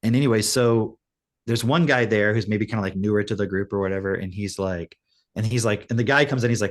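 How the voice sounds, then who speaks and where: A man co-hosting a podcast, retelling a story in casual chat, rambling and filling every pause with "like". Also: fairly low pitch, steady tone. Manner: rambling storytelling, heavy use of "like". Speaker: podcast co-host.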